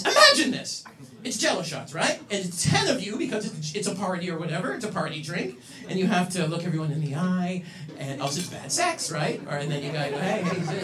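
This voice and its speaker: A Canadian man doing a stand-up set, animated and self-mocking, with loud punchlines. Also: high-pitched. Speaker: stand-up comedian. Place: comedy club stage with audience. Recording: roomy club sound from a distance. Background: audience laughter.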